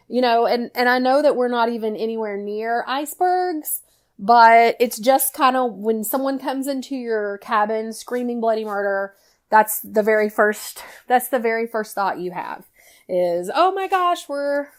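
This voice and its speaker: A middle-aged woman with a drawl recounts a personal story in a loose, chatty way. Her voice sits a little high, and she sprinkles "you know" through nearly every sentence as she retells it with lively feeling. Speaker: guest storyteller, mother.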